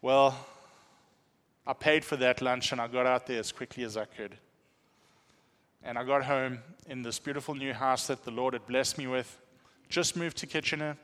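Brief: male pastor, bright tone, animated storytelling, echoing church hall. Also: mid-range voice, normal speed, long pauses. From South Africa. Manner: animated storytelling, self-deprecating humor. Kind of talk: sermon testimony.

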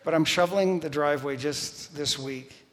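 Animated storytelling preacher in echoing hall. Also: male voice, a little high, moderate pace. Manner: storytelling, animated, shouts quoted lines. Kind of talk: sermon. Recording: long hall reverb.

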